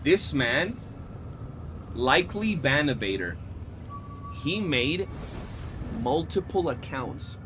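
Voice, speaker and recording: A man streaming live, telling stories in a casual, animated and profane way. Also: on the high side, slow, pauses often, background noise. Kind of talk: casual livestream chat.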